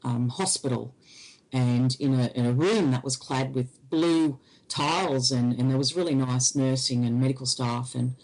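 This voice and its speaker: Halting woman telling her story. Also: very deep voice, darkish tone, low-quality recording. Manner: halting, hesitant speech. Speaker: interview guest. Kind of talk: recounting personal experience.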